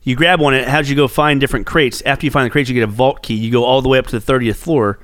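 A man's voice: medium pitch, fairly even intonation, very fast, a bit bright, no echo. A man co-hosting a gaming podcast in casual chat, swearing often and rambling bluntly. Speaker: podcast co-host.

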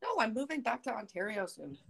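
A young woman co-hosting a podcast over a remote call, joking deadpan and swearing casually. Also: on the high side, fast, creaky. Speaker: podcast co-host. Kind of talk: casual chat.

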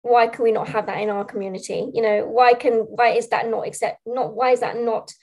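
Speaking a little fast in a level, slightly mellow voice that sits a little high, this middle-aged parent and speech practitioner gives an earnest conversational interview. She frequently says "you know" and repeats her words.

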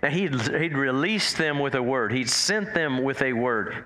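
A man's voice: medium pitch, expressive, unhurried, sharp tone, reverberant. A male pastor preaching a conversational sermon, with frequent restarts and scripture quotes spoken in a lifted voice.

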